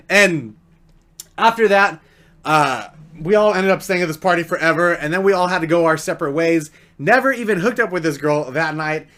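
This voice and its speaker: Young male vlogger with a high voice, animated and slangy storyteller. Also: brisk. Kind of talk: storytime vlog.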